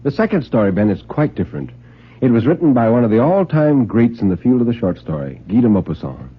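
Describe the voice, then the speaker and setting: A man's voice: mid-range voice, quick pace, breathy edge. Theatrical male radio storyteller. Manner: theatrical, expressive. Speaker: narrator and show host. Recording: tinny old radio broadcast.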